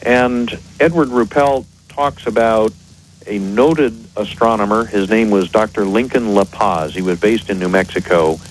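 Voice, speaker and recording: A man appearing as an expert guest on a radio show, explaining in a measured, precise way. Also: on the low side, a little hiss or hum, poor audio.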